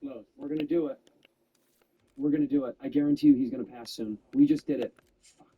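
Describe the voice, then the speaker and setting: A man's voice: mid-range voice, fairly even intonation, a little fast, slightly rough, lo-fi sound. A man in casual banter with a friend, teasing and joking and often laughing. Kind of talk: casual chat over gameplay.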